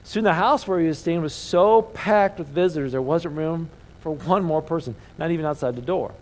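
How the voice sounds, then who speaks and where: A male pastor delivers a conversational sermon, posing rhetorical questions and having the audience repeat key words back in call-and-response. His voice sits on the high side and sounds a little mellow, at a normal speed. The audio quality is poor.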